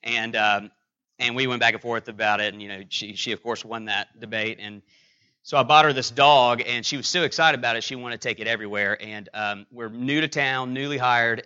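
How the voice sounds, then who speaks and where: Middle-aged male pastor, bright forceful tone, halting anecdotal delivery, slightly dull lo-fi sound. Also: mid-range voice, smooth. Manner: halting, anecdotal, many fillers and restarts. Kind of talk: sermon with personal story.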